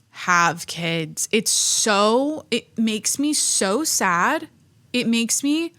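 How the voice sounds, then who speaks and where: A young woman holds forth alone on her podcast, swearing freely and breaking off mid-sentence as the next thought takes over. Her voice sits at an ordinary middle pitch, and the sound is close and dry, with no room around it. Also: no room sound. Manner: animated, profane ranting with self-interruptions. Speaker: podcast host. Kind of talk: solo podcast monologue.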